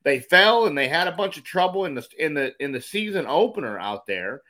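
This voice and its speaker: A man co-hosting a casual sports talk show, opinionated and animated, often acting out what others said. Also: on the high side, brisk. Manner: opinionated, animated storytelling with quoted voices. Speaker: co-host.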